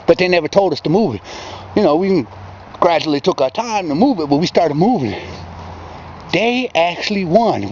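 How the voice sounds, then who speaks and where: A man's voice: high voice, a little hiss or hum. Rambling man ranting outdoors on camcorder. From Michigan. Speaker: vlogger. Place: outdoors by a yard fence and campfire at dusk. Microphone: handheld camera. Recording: dull lo-fi camcorder audio with faint outdoor ambience.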